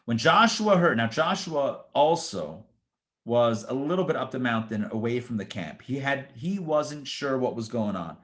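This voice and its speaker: A rabbi reading scripture verses aloud and explaining them in casual asides, with lively, emphatic rhetorical questions. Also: male voice, medium pitch, moderate pace. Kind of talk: Torah study lesson.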